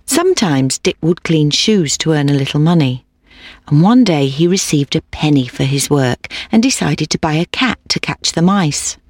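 A woman reading a children's fairy tale aloud in a clear, steady storybook manner. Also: deep voice, normal speed, dry recording.

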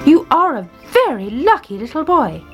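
Brief: stern scolding boatman in a children's story, lively high voice, read by a woman. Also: normal speed, faint music behind.

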